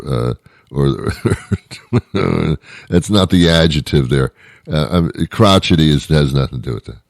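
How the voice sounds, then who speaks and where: A man with a low, deep voice rambles through a self-deprecating comic monologue. He stumbles and restarts often. The sound is dry and close with no room echo. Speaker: host. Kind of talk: comedic monologue.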